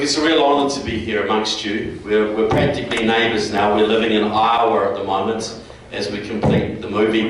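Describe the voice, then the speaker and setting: A man from New Zealand, with a New Zealand accent, gives a folksy, direct talk as a guest speaker to a local group in a meeting hall. His voice is fairly low-pitched, with background noise, and the echoey hall recording has the mic far off.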